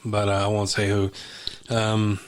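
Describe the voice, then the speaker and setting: A man's voice: on the low side, monotone, unhurried. A man with a Texan accent co-hosting a podcast, chatting casually and easygoing with playful jokes. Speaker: podcast co-host. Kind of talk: casual chat.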